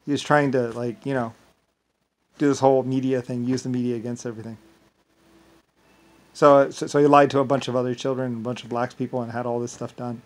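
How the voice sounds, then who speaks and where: A man's voice: medium pitch, little pitch movement, a little fast, pauses often, low-quality recording. A man talking in a casual, rambling monologue, often stumbling and repeating words as he restarts his sentences.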